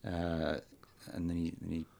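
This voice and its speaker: Podcast host, male, very low voice, hesitant casual delivery with lots of fillers. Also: monotone, creaky, warm tone. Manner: halting, many ums and uhs, chuckles often. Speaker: podcast host reviewing old films. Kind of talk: casual chat.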